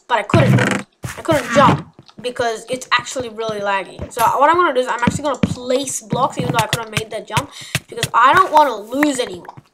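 High-pitched woman rambling over her game, noisy hissy mic. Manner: chatty, rambling, excitable outbursts. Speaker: gaming YouTuber. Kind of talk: gameplay commentary.

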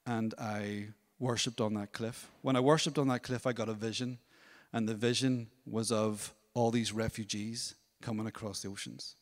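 A man's voice: lowish voice, moderate pace, few pauses. Man telling a story in a reverberant church. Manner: storytelling, animated, acts out voices. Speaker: worship leader. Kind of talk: testimony at a church service. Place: church hall.

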